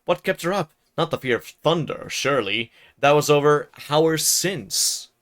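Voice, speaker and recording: A man voicing a gruff, harsh young master of the house who asks blunt, demanding questions, read aloud from a novel on a livestream. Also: on the high side, lively intonation, a little slow, fairly bright tone. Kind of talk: dramatic novel reading on a livestream.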